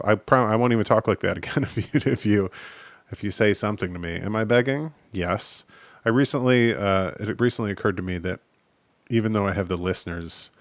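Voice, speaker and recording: A man in his thirties with a fairly low voice hosts a casual solo podcast, cracking jokes at his own expense and swearing offhandedly. The recording is dry.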